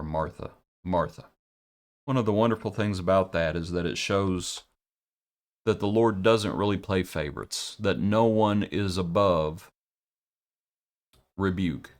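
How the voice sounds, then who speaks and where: A man with a low, deep voice teaches a daily devotional Bible lesson. He speaks in a reflective, halting way, often repeating a word and restarting his sentences as he works through a passage. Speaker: preacher.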